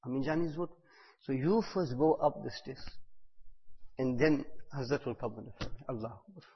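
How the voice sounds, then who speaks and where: A man giving a devotional talk, telling stories and repeating phrases for emphasis, at times bursting out loud on key words. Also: mid-range voice, fairly quick, slight background noise. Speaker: religious teacher. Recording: echoey hall, dull lo-fi sound.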